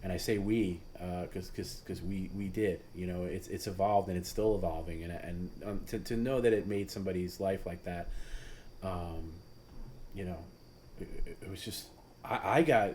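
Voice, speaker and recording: A man with a somewhat low voice talks casually as the host of a livestream. He rambles and stops to restart his sentences, with plenty of fillers along the way. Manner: rambling, halting with many restarts and fillers, laughs at his own story; voice jumps high and loud when mimicking others.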